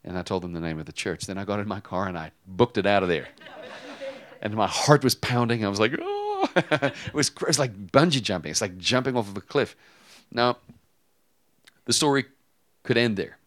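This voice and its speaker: A man preaching a sermon, telling a personal story with animated swings between loud emphasis and hushed tones. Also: fairly low pitch, brisk. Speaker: pastor.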